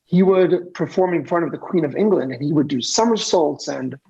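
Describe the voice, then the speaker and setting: A chatty, energetic man from South Africa, talking as an interview guest. His voice sits a little high and has a gravelly edge. It comes through dull, lo-fi video call audio. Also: brisk. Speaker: guest, DJ and dancer. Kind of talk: casual interview answers.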